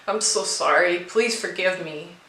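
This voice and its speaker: A woman voicing a guilt-ridden, withdrawn female Navy veteran in a storybook reading. She speaks in a quiet, halting, apologetic way. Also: lowish voice, reverberant, low-quality recording. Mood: grieving.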